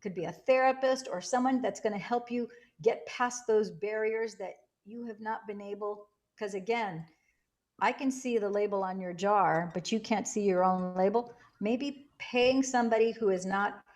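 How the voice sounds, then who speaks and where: Emphatic woman host, mid-pitched. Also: moderate pace, a little mellow. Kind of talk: interview conversation.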